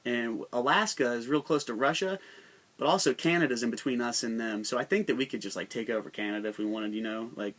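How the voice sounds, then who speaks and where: A young American man hosts his own podcast, talking fast in a mid-range, slightly bright voice. His monologue rambles and jokes, full of profanity and slang.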